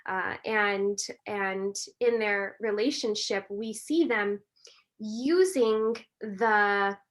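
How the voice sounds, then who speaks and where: A woman, a breathwork and meditation teacher, talking earnestly and warmly as a podcast guest in a reflective, gently spiritual way. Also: mid-range voice. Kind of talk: reflective conversational talk.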